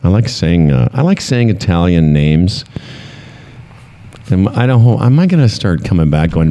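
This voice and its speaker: Low-voiced wisecracking male show host. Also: expressive, moderate pace, mellow. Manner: joking, self-deprecating, wry. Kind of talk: casual comedic banter.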